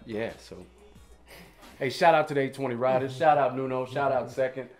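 A man's voice: medium pitch, steady tone, normal speed, soft background music. A man chatting as a podcast guest, laid-back and full of easy fillers. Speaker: guest, musician and actor. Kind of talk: casual chat.

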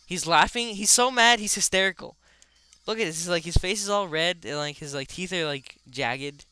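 A man's voice: high-pitched, moderate pace, slight background noise. A young man casually commenting on a video game, rambling with lots of fillers and bursting out now and then. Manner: excitable outbursts. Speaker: let's play gamer.

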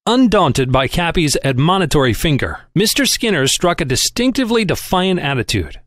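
Expressive male audiobook narrator. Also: on the high side, normal speed, hardly any pauses, no echo, studio quality. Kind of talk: scripted narration.

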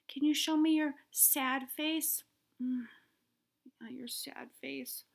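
A woman teaching preschoolers about feelings, patient and coaxing, asking the children questions. She often drops into a soft whisper and then comes back with gentle emphasis. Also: high voice, steady tone, slow pace, creaky. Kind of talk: gentle lesson for young children.

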